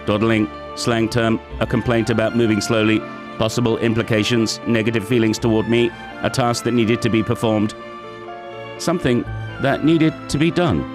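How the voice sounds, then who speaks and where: A man reading a short story aloud in the first person of a confused, newly awakened android, in a measured, deliberate way. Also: lowish voice, steady tone, natural voice. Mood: bewildered. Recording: music playing underneath.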